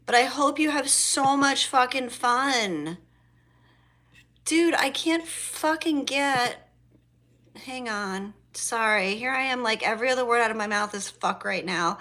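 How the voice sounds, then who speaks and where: Bright-voiced woman chatting on a phone livestream. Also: a little high, lively intonation, unhurried. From South Florida. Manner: swears freely, greets viewers by name. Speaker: livestream host and spiritual reader. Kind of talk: casual livestream chat.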